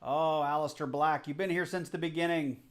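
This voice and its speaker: A man's voice: fairly high pitch, fairly even intonation, moderate pace. A man hosting a casual live stream, chatty and a bit flustered, apologizing as he goes. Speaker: livestream host.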